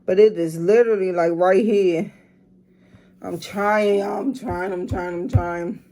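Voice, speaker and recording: Warm and steady in tone, this woman speaks unhurriedly at a medium pitch. She's a mom vlogging from home during a drinking challenge, talking casually with her viewers while straining and groaning.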